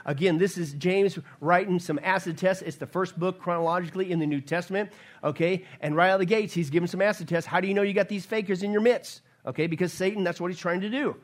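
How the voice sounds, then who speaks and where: A man preaching a sermon as pastor, emphatic, often asking the congregation questions and answering them himself. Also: high-pitched. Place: church sanctuary.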